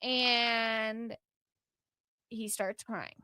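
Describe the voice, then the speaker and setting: A chatty woman hosts a casual podcast and tells a long story, peppered with filler words and little acted-out quotes. Her voice sits fairly high. The sound is close and dry, with no room echo. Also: drawn-out words, smooth. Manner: animated, lots of filler words, acts out quotes. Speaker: podcast host.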